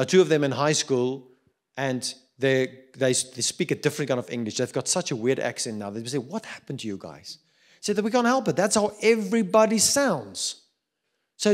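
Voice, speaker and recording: South african pastor guy preaching, kinda high voice, gets loud then goes real quiet. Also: normal speed. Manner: animated, swings from loud urging to quiet reflection. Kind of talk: sermon.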